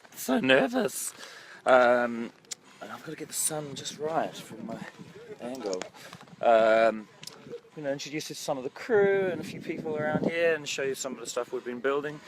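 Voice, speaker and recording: Walking around an outdoor film set beside a lake, a man directing the film livestreams from a phone at arm's length, with set noise in the background. He speaks at medium pitch and normal speed, animated, rambling and joking about himself with plenty of ums.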